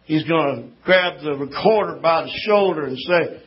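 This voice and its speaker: A man preaching a sermon, folksy at first and building to impassioned shouting. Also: fairly high pitch, moderate pace, slightly rough, lo-fi sound.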